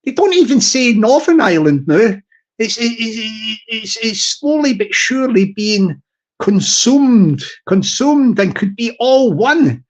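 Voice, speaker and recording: A man's voice: high voice, big pitch swings, slow pace, lo-fi sound. A man from Southwest England, chatting casually on a livestream in a rambling, jokey way that keeps circling back on itself. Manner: rambling, jokey, repeats himself.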